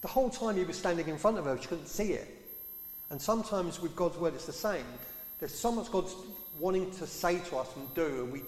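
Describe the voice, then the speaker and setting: A man's voice: a little high, brisk. A man preaching a sermon in a conversational way, putting questions to his congregation. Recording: echoey hall.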